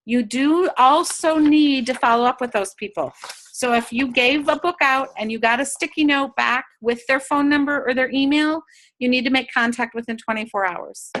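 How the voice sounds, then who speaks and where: A woman's voice: sits high, normal speed, a bit bright. A woman giving an upbeat sales training talk over a video call, coaching her listeners and acting out sample conversations. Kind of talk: training talk to direct sellers.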